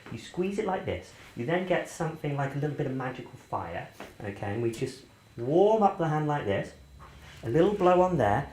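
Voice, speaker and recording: A man's voice: medium pitch, a little mellow. A man performing as a magician, joking cheekily with a volunteer during a live show at an indoor venue. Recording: echoey room with faint hiss.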